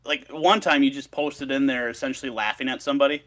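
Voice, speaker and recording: Bright, ranting podcast co-host. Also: male voice, medium pitch, steady tone, fast. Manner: swearing, ranting storytelling. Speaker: podcast co-host presenting research. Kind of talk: casual chat.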